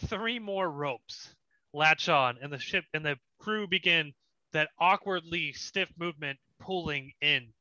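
A man's voice: on the high side, a little slow, pushed and bright, no echo, muffled recording. A young man narrating as dungeon master of a tabletop game, in a casual, descriptive way. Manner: descriptive, laughs often, casual.

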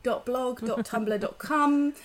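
A woman's voice: fairly high pitch, slow. A woman from England, a comedian guest, chatting in a rambling, self-mocking way with many hesitations. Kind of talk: casual comic chat.

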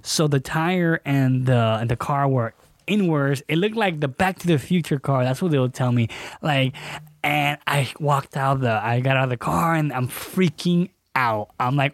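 A young man co-hosting a podcast, telling a story in casual chat, animated and acting out what people said. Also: medium pitch, normal speed, no room sound, studio quality. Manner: animated, acts out quotes with fillers. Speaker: podcast co-host.

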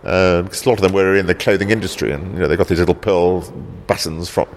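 A deep-voiced man from South Africa who founded a local heritage group answers questions with fairly even intonation over a little background hiss or hum. He stumbles, repeats words, and habitually ends on "actually".

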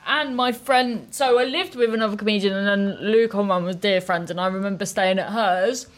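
A woman comedian telling stories on a podcast in a quick, tumbling way, cutting herself off and restarting, laughing often. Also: mid-range voice. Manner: quick, self-interrupting storyteller with frequent laughs. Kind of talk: casual chat.

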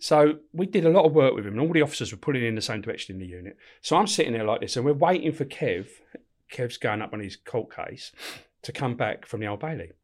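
A man's voice: mid-range voice, expressive, fast talker, darkish tone. A middle-aged man, a guest in a podcast interview, telling stories bluntly and swearing freely. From England. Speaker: podcast guest, former prison officer. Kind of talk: casual storytelling interview.

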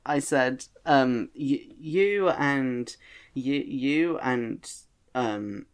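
A man's voice: mid-range voice, drawn-out words, smooth. A man co-hosting a podcast in casual chat, hesitant and stumbling through many restarts. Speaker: podcast co-host and voice actor.

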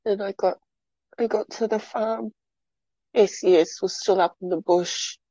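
A middle-aged woman telling a personal story in an interview, halting and repeating words as she goes. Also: medium pitch, steady tone, dark tone, breathy edge, dry recording, lo-fi sound. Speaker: interview guest.

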